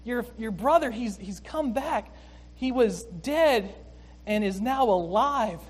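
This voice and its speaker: Gentle pleading father, played by a preacher, slow delivery, soft and tender. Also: medium pitch, animated, husky.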